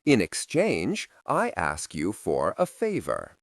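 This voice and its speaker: A plain-spoken young woman who pushes her point without fear, as a man reads her lines. Her pitch jumps widely, and the delivery is slow and deliberate. The recording is dry and close. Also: huge pitch swings, vocal fry, husky, dry recording, heavily acted. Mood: bold. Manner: blunt, matter-of-fact, pushy. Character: blunt, curious young woman bargaining boldly.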